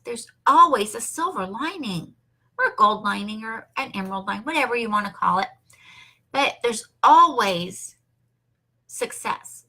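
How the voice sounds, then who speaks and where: A woman's voice: sits high, sharp tone. An older woman and grandmother, talking in an enthusiastic, emphatic, upbeat way about her online business. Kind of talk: motivational talk to camera.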